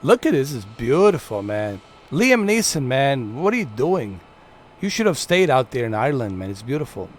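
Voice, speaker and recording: Streaming a flight game, this man talks casually and playfully to his audience in a sing-song, medium-pitched voice at normal speed. A little background noise can be heard.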